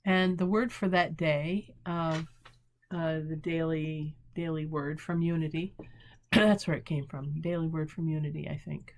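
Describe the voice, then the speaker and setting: This woman pastor's low-pitched voice keeps a fairly even intonation as she gives a short, prayerful devotional talk. She reads unhurriedly and gently, reflecting aloud and reaching for words as she goes.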